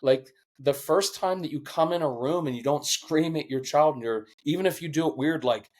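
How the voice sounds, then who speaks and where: This podcast guest, a parenting coach in middle age, has a mid-range voice and a moderate pace. In a relaxed interview he tells earnest, animated stories, his emotion rising until he gets choked up.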